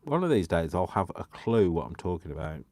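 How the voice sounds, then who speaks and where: A man's voice: deep voice, fairly quick, a little mellow, no echo. A man chatting casually through a live craft stream, giddy and rambling, teasing himself as he works. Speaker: crafting vlogger.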